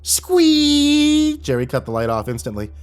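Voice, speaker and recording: Guy reading a scary story, steady, bit of music under it. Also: medium pitch, a little fast. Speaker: horror story narrator. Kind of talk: scripted horror narration.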